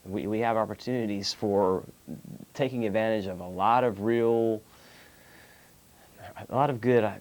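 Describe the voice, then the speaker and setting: A man's voice: on the low side, darkish tone. A man with a Texan accent hosting a call-in show, talking about spirituality in a meandering way with many fillers and restarts. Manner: clears throat often. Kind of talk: unscripted spiritual talk.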